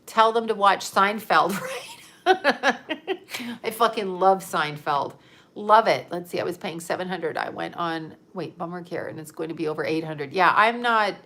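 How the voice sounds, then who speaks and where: A woman's voice: medium pitch, pushed and bright. A middle-aged woman from Canada, chatting bluntly and emphatically on a casual livestream, swearing freely and laughing often. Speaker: livestream host.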